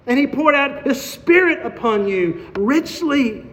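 High-voiced male preacher in a hall. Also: expressive, a little slow, fairly bright tone. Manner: expository, rhetorical questions, emphatic repetition. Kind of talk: sermon. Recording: dull sound with long hall reverb.

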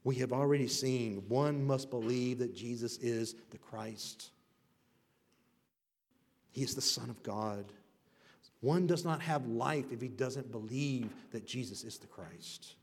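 A male pastor preaching a sermon with emphatic, rising and falling delivery, swinging between loud declarations and hushed lines. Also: mid-range voice, slow. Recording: long reverb of a large hall.

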